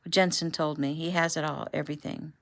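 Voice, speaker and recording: A woman voicing a calm male federal agent who talks in a matter-of-fact way. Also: low-pitched, brisk, gravelly. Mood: steady.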